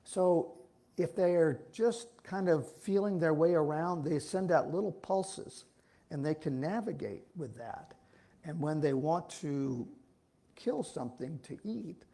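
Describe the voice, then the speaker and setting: A man's voice: fairly high pitch, measured pace, vocal fry, warm tone. A man giving an informal, folksy sermon at a church, talking in a rambling way with frequent restarts. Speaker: speaker giving a talk at a church.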